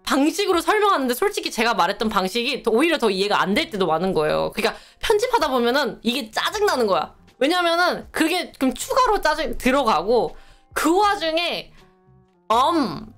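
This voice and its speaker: A woman's voice: high-pitched, big pitch swings, racing, fairly bright tone, faint music behind. A young woman chatting casually on a live stream, rambling and poking fun at herself. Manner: chatty, rambling, self-mocking.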